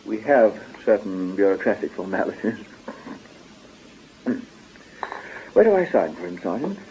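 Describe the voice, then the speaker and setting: An actor playing an urbane male government agent in a radio drama, speaking with dry, calm courtesy. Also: lowish voice, measured pace, slight background noise. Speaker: civil servant. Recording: dull lo-fi archive radio recording.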